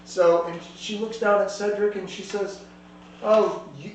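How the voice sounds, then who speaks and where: A man's voice: high voice, flat delivery, normal speed. A man narrating as a tabletop game master, rambling and heavy on fillers, recorded from a distance in an echoey room with a faint hum.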